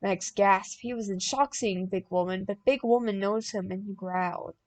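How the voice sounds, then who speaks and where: A young woman reading a fan-written story aloud as an audiobook, plain and deadpan, bursting out loud in the dialogue. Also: medium pitch, moderate pace. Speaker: audiobook reader.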